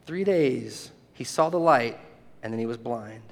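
Animated preacher in a reverberant hall. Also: male voice, mid-range voice, measured pace, vocal fry. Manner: animated, laughs often, acts out quotes. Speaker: pastor. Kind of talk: sermon.

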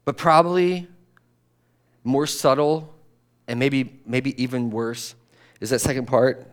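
A man's voice: mid-range voice, a little slow, long pauses. A man preaching a sermon in a conversational way, acting out grumbling voices and sighing as he goes. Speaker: pastor.

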